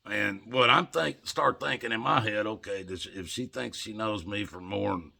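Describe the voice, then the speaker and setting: Older male vlogger, folksy rambling storyteller, low gravelly voice. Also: moderate pace, sharp tone. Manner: folksy, rambling, chuckles while telling. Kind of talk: casual storytelling.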